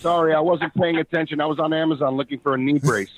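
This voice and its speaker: A man's voice: fairly high pitch, fairly even intonation, quick pace, heavy background noise. A man who hosts a radio show, chatting casually and joking with swearing. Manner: swearing, jokey. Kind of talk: casual phone chat.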